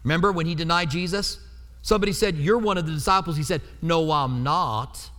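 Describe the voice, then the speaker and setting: High-voiced preacher in a reverberant hall. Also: male voice, quick pace, a bit bright. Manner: conversational, asks the listeners to check in. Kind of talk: teaching sermon.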